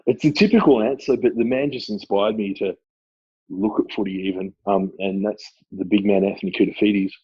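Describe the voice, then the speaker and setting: A man with an Australian accent, a former club footballer, chatting casually as a guest and telling lively stories. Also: on the low side, normal speed, breathy edge, no echo, lo-fi sound. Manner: animated storyteller, laughs often. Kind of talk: casual chat.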